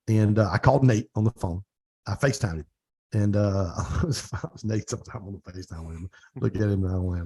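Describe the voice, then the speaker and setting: A man's voice: fairly low pitch, fast talker, breathy edge. A middle-aged man, a podcast guest, telling stories in a casual interview and acting out the dialogue. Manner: animated storyteller, acts out quoted dialogue.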